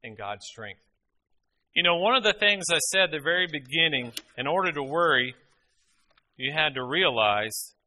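A man's voice: medium pitch, sharp tone. A middle-aged man preaching a sermon, telling a family story in a folksy way with many fillers.

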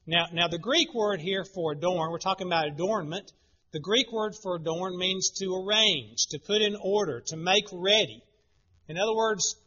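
A middle-aged man gives an earnest sermon in a bright, forceful voice pitched a little high. He often repeats a word as he starts a phrase. The recording sounds dull and lo-fi. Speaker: preacher.

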